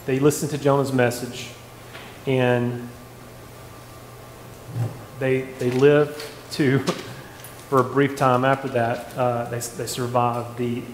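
A man leading a casual Bible study, animated, asking the group rhetorical questions and restarting his sentences. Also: mid-range voice, slow. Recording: echoey hall, faint room noise.

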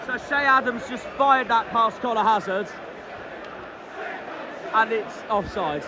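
A man from southwest England commentates live from the stands of an outdoor football ground, recorded on a handheld phone. His voice is high for a man and his delivery unhurried, broken up by excited shouts at the players. A thundering crowd and heavy stadium noise surround him. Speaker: football fan vlogger.

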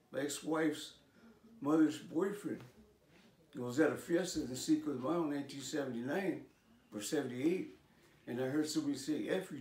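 A man's voice: fairly high pitch, darkish tone. A man in his sixties from California gives a personal testimony about his life. He talks casually, with lots of "man" and "you know" and some street slang. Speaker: speaker sharing his life story. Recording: echoey room, voice from a distance.

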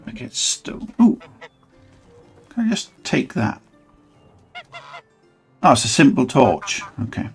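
A man's voice: mid-range voice, very animated, slow, vocal fry, long pauses, a little mellow, faint music behind. A man rambling and swearing through a let's play, mocking the game as he goes. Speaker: gaming channel host.

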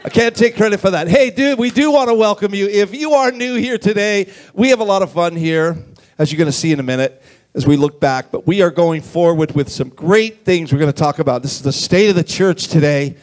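A man's voice: sits high, brisk. A man in church leading the welcome in an upbeat, playful way. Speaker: worship leader welcoming the congregation.

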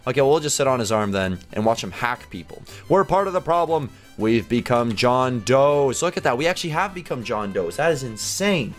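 Animated young man narrating gameplay. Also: mid-range voice, fairly quick, hardly any pauses, faint music behind. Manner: animated, squeals and baby-talks at cats. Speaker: gaming YouTuber. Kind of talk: excitable gameplay commentary.

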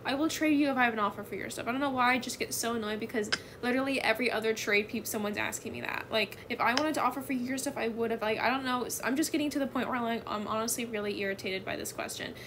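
A woman's voice: on the high side, fast talker, hardly any pauses, noisy background. A woman hosting a gaming channel in casual chat, calling her viewers y'all and bestie. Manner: chatty, keeps addressing viewers as y'all and bestie.

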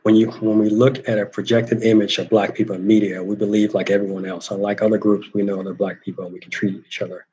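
A man's voice: fairly low pitch, level tone, fast talker, few pauses, mellow, dull audio, slight background noise. A man hosting a casual talk show, telling an army story with quoted voices and reading viewer comments. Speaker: host.

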